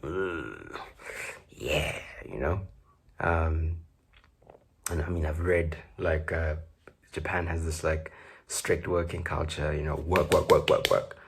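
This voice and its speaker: A man's voice: a bass voice, level tone, measured pace, pauses often, a little hiss or hum. A South African man with a South African accent, hosting his podcast in loose, joking solo chat full of fillers. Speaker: podcast host.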